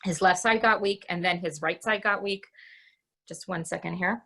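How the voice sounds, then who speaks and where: Candid, halting middle-aged woman speaker. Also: lowish voice, steady tone, gravelly, fairly bright tone. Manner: candid, halting, with frequent restarts. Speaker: guest speaker. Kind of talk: personal talk over video. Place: her home, indoors.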